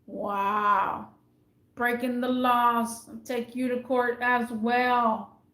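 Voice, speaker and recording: A woman's voice: fairly high pitch, level tone, very slow, fairly bright tone. Indignant woman ranting in an echoey room. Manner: emphatic and indignant, repeats points. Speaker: retail worker venting about managers. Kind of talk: casual vlog rant to camera.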